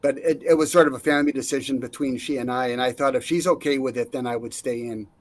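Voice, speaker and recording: A man's voice: medium pitch, steady tone, quick pace. Man telling a story, voices quoted people. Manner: storytelling, acts out quoted voices, frequent fillers and restarts. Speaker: interview guest, Navy veteran. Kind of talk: casual storytelling.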